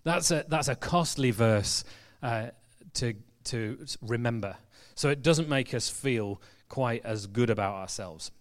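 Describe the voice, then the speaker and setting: A man, a church pastor, preaching a sermon in a relaxed, conversational storytelling manner, with fillers and restarts, in a church hall. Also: mid-range voice, a little slow, hardly any pauses.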